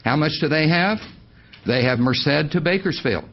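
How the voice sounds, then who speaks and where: A man's voice: on the high side, expressive, normal speed, muffled recording. A man giving public testimony at a county meeting, emphatic and repeating his key points for weight.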